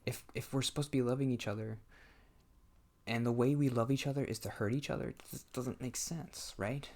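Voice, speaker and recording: A man's voice: medium pitch, fairly even intonation, brisk, a little mellow. A man talking casually while he plays a game, thinking aloud in a hesitant way and often restarting his sentences. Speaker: gameplay commentator.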